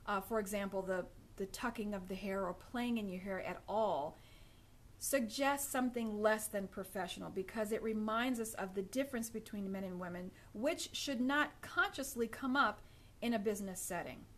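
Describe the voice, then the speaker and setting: A woman's voice: mid-range voice, moderate pace. A woman etiquette coach giving direct, instructive tips to viewers during a live stream, addressing them as ladies and acting out hesitant and confident examples. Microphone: phone or webcam.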